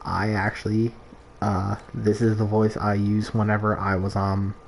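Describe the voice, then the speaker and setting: A man's voice: on the low side, level tone, unhurried, creaky, slight background noise. A man streaming a video game, chatting casually and rambling with lots of "like" and restarts. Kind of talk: casual gameplay stream chat.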